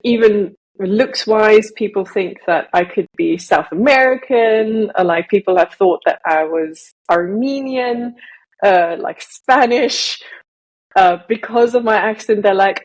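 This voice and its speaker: A woman's voice: medium pitch, takes it slowly, poor audio. A woman raised in Malaysia who speaks with a Southern English accent, co-hosting a casual podcast in a rambling way with frequent laughs. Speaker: podcast co-host.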